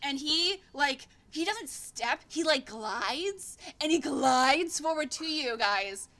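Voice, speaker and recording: A woman's voice: sits high, animated, takes it slowly, sharp tone. A woman narrating as game master in a tabletop game, rambling, swearing freely and laughing often.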